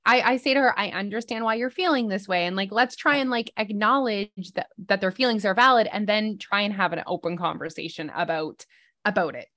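A woman's voice: medium pitch, a little fast, pushed and bright. A woman co-hosting a casual podcast, a mother who tells stories with chatty, sarcastic asides. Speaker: podcast co-host, parent.

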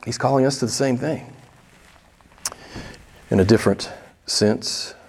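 A man's voice: mid-range voice, measured pace, a little mellow, husky. A pastor in his sixties preaching a candid, conversational sermon and putting pointed questions to his congregation in a church. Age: 60s. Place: church sanctuary.

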